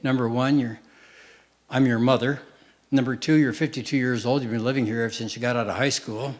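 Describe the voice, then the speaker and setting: A man doing live stand-up comedy in a deadpan one-liner style, on stage before an audience. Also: mid-range voice, a little fast. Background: audience laughter.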